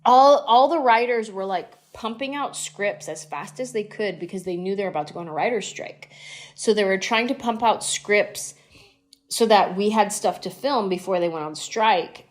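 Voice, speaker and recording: A woman comedian in her thirties tells stories as a podcast guest. She is lively and animated, and drops into quick impressions mid-story. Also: medium pitch.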